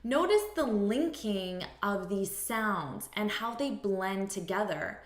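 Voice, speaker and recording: A woman teacher breaks down spoken English for learners, saying each phrase slowly and having them repeat it. Her voice moves lively up and down. The room has a noticeable echo. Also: medium pitch. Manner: slow, deliberate, modelling phrases for repetition. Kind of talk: explaining pronunciation to learners.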